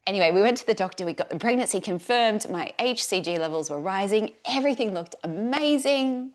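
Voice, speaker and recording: A woman, a fertility yoga teacher telling her own story in a live class, earnest and at times emotional and soft. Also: medium pitch, expressive, brisk.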